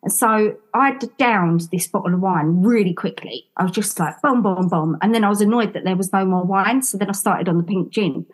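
Animated woman. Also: a little fast, hardly any pauses. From London. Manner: animated, acts out quotes with big pitch jumps. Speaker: podcast guest. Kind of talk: casual interview storytelling.

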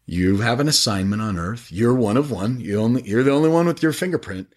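Husky, animated middle-aged man. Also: mid-range voice, brisk. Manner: animated, enthusiastic, preachy storytelling. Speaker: podcast guest, faith-based business owner. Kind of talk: casual podcast conversation.

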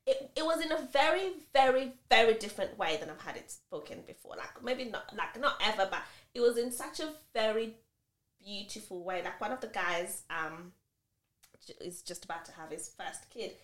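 With a mid-range voice at a moderate pace, the woman co-hosting this podcast chats and tells stories in an animated way, wandering into many asides. The room she's recorded in is echoey.

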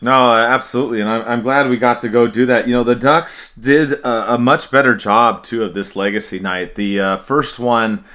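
A man hosting a casual sports podcast, speaking in a relaxed way with frequent restarts and repeated words. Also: medium pitch, moderate pace, few pauses. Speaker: podcast host.

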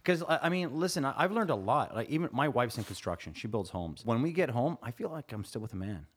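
A man's voice: mid-range voice, sing-song, fast, breathy edge. A man hosting a casual podcast interview, eagerly jumping in with reactions and questions. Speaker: podcast host.

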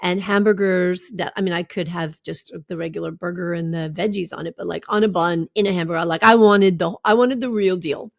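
Gravelly-voiced woman coach, candid talk. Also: on the low side, steady tone, fairly quick, hardly any pauses, no echo, clean studio sound. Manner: warm, candid, conversational with asides and laughs. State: recovering from a draining treatment. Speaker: health coach. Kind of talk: casual personal talk to followers.

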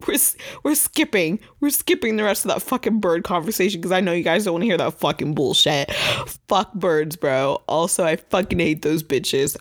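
A woman hosting a solo podcast, chatting in a rambling, profane, self-mocking way. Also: lowish voice. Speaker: podcast host. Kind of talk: casual solo podcast chat.

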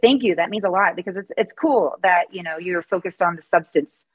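A woman being interviewed as a guest, speaking in a soft, hesitant way with many fillers. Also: fairly low pitch, fairly quick, slightly rough, no echo. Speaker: guest, music writer and show producer. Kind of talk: casual interview chat.

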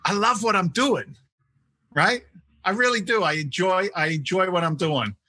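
A man's voice: sits high, moderate pace, sharp tone, dry recording. A middle-aged man from England with a London accent mixed with American, talking animatedly as a guest in a casual interview and often repeating words as he restarts his sentences. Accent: London English mixed with American. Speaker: real estate investment CEO, guest.

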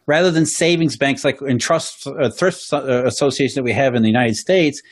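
A man's voice: medium pitch, a little fast. A man talking as a guest on a podcast, explaining economic history at length, often restarting and repeating words as he goes. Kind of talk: podcast conversation.

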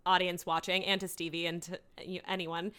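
A woman co-hosting a casual chat about a TV episode, animated and laughing often as she acts out quotes. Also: lowish voice, a little fast, smooth. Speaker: podcast co-host. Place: New York.

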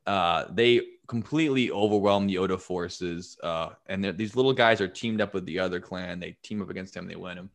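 A man casually retelling history on a podcast, swearing freely and acting out what people said. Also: sits low. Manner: profane, animated retelling with acted-out quotes. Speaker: podcast host telling history. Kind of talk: casual storytelling chat.

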